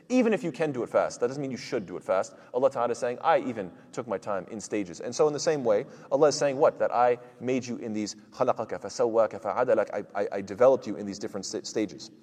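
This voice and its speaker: A man's voice: on the low side, darkish tone, in a large hall. A man giving a conversational Quran commentary lecture, posing rhetorical questions and reciting Arabic verses. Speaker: Islamic lecturer.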